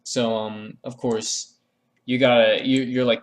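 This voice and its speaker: A man narrates a drawing tutorial at a middle pitch, rambling along with jokes. He keeps circling back with restarts and fillers, in a loose, offhand voice-over. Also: little pitch movement, slow pace. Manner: meandering, joking, lots of fillers and restarts. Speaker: art tutorial creator.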